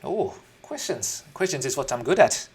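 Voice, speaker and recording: Gnome, small, excitable, squeaky high voice, gushing, eager, tabletop game. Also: male voice, moderate pace, breathy edge, full character voice. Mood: chipper. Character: excitable small male gnome, friendly and flustered.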